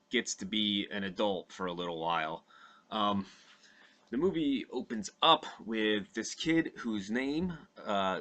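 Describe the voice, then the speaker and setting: A man's voice: lowish voice, bright, forceful tone. A young man casually retelling a movie plot from memory, rambling and profane with lots of fillers. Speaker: podcast host recounting a movie from memory.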